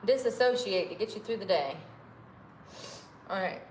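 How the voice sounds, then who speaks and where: A woman's voice: medium pitch, lively intonation, moderate pace, a little mellow, roomy sound, slight background noise, rough recording. A woman rambling to herself on a livestream, muttering self-mocking remarks as she goes. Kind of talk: rambling live vlog.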